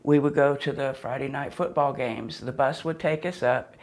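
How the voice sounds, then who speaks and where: A woman in her seventies, born in Pennsylvania and raised in southwest Florida, appears as an interview guest telling casual stories. Her voice is extremely low-pitched and darkish, at a moderate pace, and she's wry and joking, rambling with restarts.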